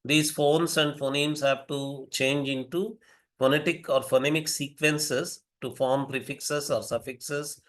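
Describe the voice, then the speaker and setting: A man speaking at a measured, unhurried pace, like a lecturer working through an academic point. His voice sits in an ordinary middle range, and he circles back over phrases to stress them. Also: medium pitch, a bit bright. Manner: slow, deliberate, repeats phrases for emphasis.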